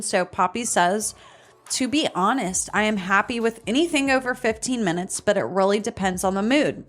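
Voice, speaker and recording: A woman's voice: medium pitch, a bit bright. Chatty woman podcast host. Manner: chatty, laughs often, frank and crude. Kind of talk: casual chat, reading listener answers aloud.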